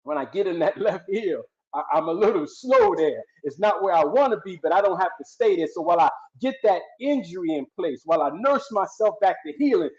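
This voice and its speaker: A man's voice: high-pitched, lively intonation, fairly quick, hardly any pauses, darkish tone. A man giving a fervent motivational speech with preacher-like emphasis and repetition. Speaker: guest speaker. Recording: dull lo-fi sound.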